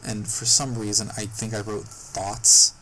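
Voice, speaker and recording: A man's voice: fairly low pitch, little pitch movement, unhurried, sharp tone, a little hiss or hum, poor audio. A young man casually recounting a story on a podcast, reading from his notes as he goes. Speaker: podcast host.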